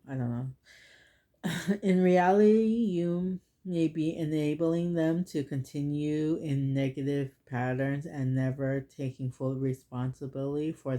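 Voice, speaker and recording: Woman, thirties, oracle card reader, slow unhurried delivery, warm tone, chatty, heartfelt. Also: deep voice. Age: 30s. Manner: rambling, heartfelt, fills with "like". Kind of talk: casual spoken card reading.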